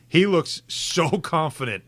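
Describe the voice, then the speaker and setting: A man co-hosting sports talk radio, animated and fond of rhetorical questions. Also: on the high side, slow pace, no room sound.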